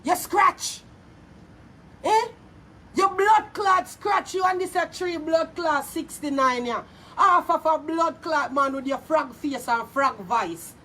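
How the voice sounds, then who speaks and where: A woman with a Jamaican accent ranting angrily on a vlog, loud and profane, hurling insults and often shouting. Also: very high-pitched, slow. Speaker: vlogger. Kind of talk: angry social media rant. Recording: voice a little far from mic, faint background noise.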